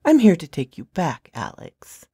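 A woman's voice: on the low side, wildly swooping pitch, unhurried, dark tone, slightly rough, no echo, clean studio sound, heavily acted. A woman voicing a haughty female enforcer who talks in a sneering, patronizing way in a storybook reading. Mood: mocking.

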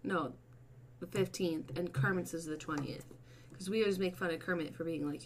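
A woman hosting a casual livestream, chatting with her viewers, swearing and breaking into bursts of excited shouting. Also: fairly low pitch, moderate pace, a little hiss or hum. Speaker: livestream host.

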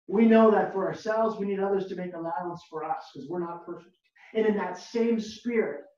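A pastor preaching a sermon slowly and emphatically, repeating key words and asking the listeners rhetorical questions. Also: medium pitch, mellow. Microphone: video call, far from the mic. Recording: very echoey, distant, dull lo-fi video call audio.

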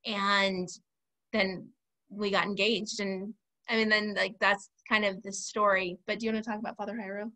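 A woman's voice: medium pitch, little pitch movement, normal speed, pushed and bright. A woman telling her personal testimony as an interview guest, chatty and candid. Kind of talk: casual testimony storytelling.

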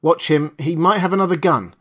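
A man's voice: a little high, a little fast, fairly bright tone, breathy edge, pitched above the performer's own voice. A man voicing a nervous, frightened man who pipes up anxiously, in an audiobook reading. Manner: anxious, piping up.

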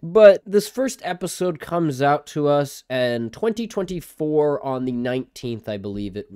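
A man's voice: medium pitch, lively intonation, normal speed, darkish tone, clear, resonant tone, dry recording, clean studio sound. A man reviewing a show in a mock rant, swearing constantly with a sarcastic edge. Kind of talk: profanity-laden mock rant.

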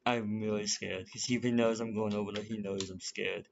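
A man with a lowish, gravelly voice rambles nervously through his game, swearing as he goes. The recording is dull and lo-fi, with loud noise and the clicking of a keyboard behind him. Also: flat delivery, brisk, hardly any pauses. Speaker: gamer. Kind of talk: rambling gameplay commentary. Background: keyboard clicks and typing.

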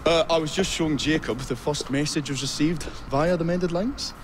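An actor playing a courteous Victorian inventor. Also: male voice, fairly high pitch, moderate pace, crowd noise, natural voice. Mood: earnest. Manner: formal, courteous, slightly hesitant. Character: polite male Victorian inventor, earnest and courteous. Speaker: inventor character in a video game cutscene.

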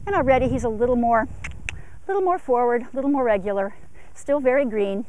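A woman horse trainer explaining longeing technique between short commands to a horse, her voice rising in pitch for upward gaits. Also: brisk, dark tone, dull audio, a little hiss or hum. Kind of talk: instructional demo while longeing a horse. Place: outdoor arena corner.

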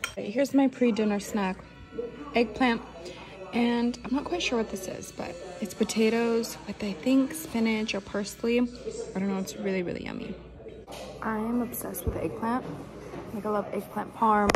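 A young woman narrating her day in a casual vlog, chatty and full of filler words. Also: medium pitch. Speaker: vlogger, dance studio owner.

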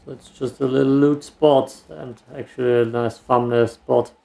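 A man's voice: mid-range voice, steady tone, normal speed, creaky, mellow. A man giving casual, self-mocking commentary while he plays a video game. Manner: dry, self-mocking remarks while playing. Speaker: gameplay streamer. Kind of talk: casual let's play commentary.

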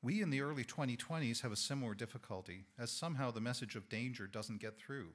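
A man with a hoarse, fading voice giving a thoughtful lay sermon in a church, measured and correcting himself now and then. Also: medium pitch. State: hoarse, losing his voice. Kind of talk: reflective sermon talk. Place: church sanctuary.

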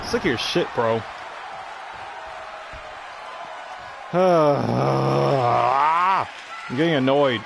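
A man's voice: medium pitch, fast talker, hardly any pauses, a crowd in the background, noisy background. A young man doing gameplay commentary, swearing and trash-talking the game in frustration. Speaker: gameplay streamer. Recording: game sounds loud behind.

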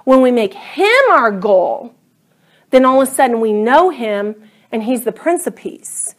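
High-voiced woman teaching Bible class. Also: unhurried. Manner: conversational, animated, acts out prayers to God.

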